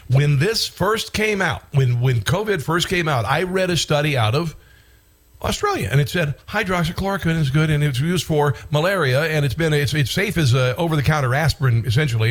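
A man hosting a political talk show, delivering an indignant, rambling commentary monologue with frequent restarts and bursts of outrage. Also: on the high side.

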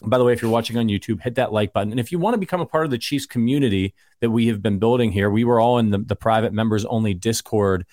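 A man's voice: on the low side, fast, hardly any pauses, darkish tone, no echo, clean studio sound. Argumentative male sports podcast host. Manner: conversational, rambling, argumentative. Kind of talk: casual sports chat.

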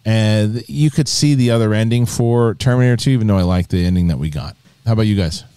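A man's voice: fairly low pitch, quick pace, clean tone, no room sound. A man hosting a casual live panel show, telling stories with lots of swearing and laughter. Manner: animated storytelling, swears, laughs often. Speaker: podcast host.

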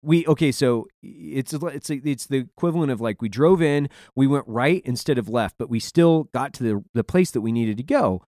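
A man telling a war story in casual chat, profane and animated. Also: medium pitch, normal speed, few pauses, no room sound, clean studio sound. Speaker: podcast co-host, veteran.

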